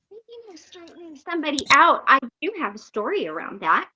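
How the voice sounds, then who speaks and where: A woman hosting a casual online recovery meeting, telling a lively story and acting out the people in it, heard over a video call. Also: sits high, a little fast, lo-fi sound. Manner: animated, acts out the people in her stories.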